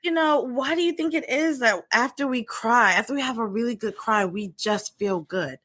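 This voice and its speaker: A woman's voice: fairly high pitch, normal speed, fairly bright tone, no room sound, clean studio sound. A woman co-hosting a podcast as a mental health professional, chatting casually and animatedly, laughing often and acting out quotes. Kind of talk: casual chat.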